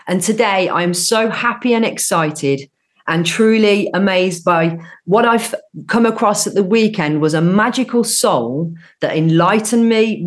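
Gushing woman with a Birmingham accent. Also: on the low side. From Birmingham, England. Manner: gushing, emphatic, with many restarts. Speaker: podcast host. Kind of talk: effusive interview chat.

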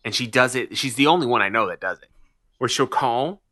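A man's voice: medium pitch, lively intonation, brisk, sharp tone, dry recording, studio quality. A man in his thirties co-hosting a podcast, telling stories in casual chat, swearing freely and acting out voices. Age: 30s. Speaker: podcast co-host.

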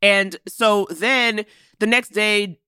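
A woman chats with a co-host about a movie she has just seen. Her voice is bright and forceful, and the sound is dry and close. She talks animatedly and slips into quick impressions of the characters. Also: mid-range voice, smooth, no room sound. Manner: animated, quotes characters in put-on voices, laughs often. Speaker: podcast co-host. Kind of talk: casual chat recapping a movie.

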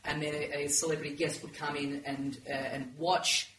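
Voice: medium pitch, flat delivery, moderate pace. A podcaster telling a rambling comic anecdote, hesitant and full of fillers. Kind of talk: casual comedic anecdote. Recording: roomy, with crowd noise.

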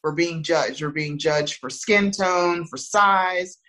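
Woman, relaxed chat guest, lower voice, soft and soothing, reflective delivery. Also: takes it slowly, rough recording. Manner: thoughtful, calm, frequent restarts and laughs. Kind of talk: casual conversational chat.

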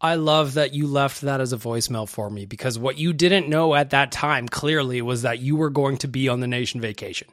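A man hosts a casual sports podcast in an easygoing, self-mocking manner. He chats freely and is easily amused. His voice is mid-pitched, recorded close and dry. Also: fairly quick, hardly any pauses, a bit bright, no echo. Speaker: podcast host.

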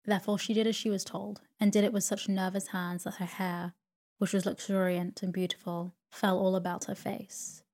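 A woman narrating a classic novel as a sleep story in a calm, even manner. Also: mid-range voice, normal speed.

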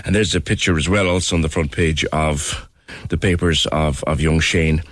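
A man with a very deep voice and a Cork accent talks on a local radio show. He moves chattily between light banter and sombre news, his voice jumping up when he gets animated. The sound is dry and close to the mic. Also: moderate pace, no echo. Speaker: radio host.

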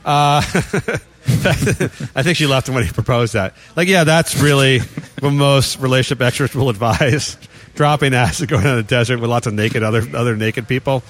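A man's voice: medium pitch, normal speed. A man hosting a podcast in casual chat, ranting wryly and laughing at his own jokes. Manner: wry, ranting, laughs often. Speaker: podcast host.

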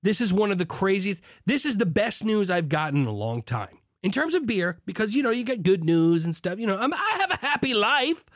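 Amped-up man with a lively, high voice. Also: fairly quick, hardly any pauses, dry recording, studio quality. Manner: hyped, swings between shouting and low asides; swears, mock preacher zeal. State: drinking beer while talking. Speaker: beer podcast host. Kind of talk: excited solo podcast monologue.

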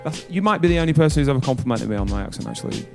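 A man with a Yorkshire accent, a rapper guest in a casual chat, relaxed and swearing freely. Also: medium pitch, very fast, vocal fry, music in the background. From Yorkshire, England.

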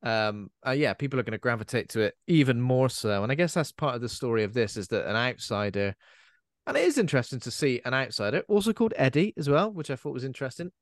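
Casual male podcast co-host, mid-pitched, rambling and chatty, close dry mic. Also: big pitch swings, no echo. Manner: chatty, rambling, quick to laugh. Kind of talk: casual film chat.

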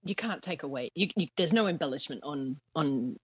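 A woman's voice: low voice, expressive, breathy edge. A woman co-hosting a casual comedic book talk, giggly and often laughing. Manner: slow, giggly, prone to laughing. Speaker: podcast co-host.

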